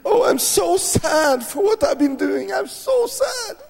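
A man's voice: unhurried, creaky, fairly bright tone, faint music behind, heavily acted. A man putting on a weeping, pleading grown man. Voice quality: high, tearful, cracking. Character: remorseful grown man weeping, begging forgiveness.

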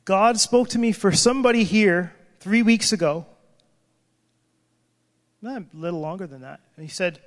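A man's voice: sits high, moderate pace, pauses often. A man preaching an emotional sermon, crying out in prayer and breaking off mid-sentence. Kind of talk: impassioned sermon. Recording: long hall reverb.

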